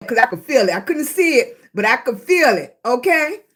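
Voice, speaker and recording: Woman, high voice, casual live-stream host, a bit congested, warm drawn-out greetings. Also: very animated. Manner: chatty, greets viewers, drawn-out emphatic talk. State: recovering from illness, congested.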